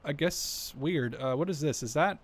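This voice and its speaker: A gaming YouTuber talking through a war strategy game as he plays, chatty and thinking aloud, with quick startled exclamations. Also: on the high side, slightly rough. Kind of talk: live gameplay commentary. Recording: game gunfire and clicks behind voice.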